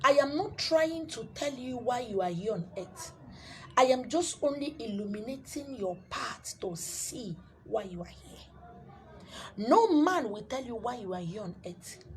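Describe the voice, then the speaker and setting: A Nigerian woman, a spiritual teacher, preaching to camera and selling her handouts, emphatic, repeating phrases, swinging from loud to hushed. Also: a little high, lively intonation, unhurried, slight background noise.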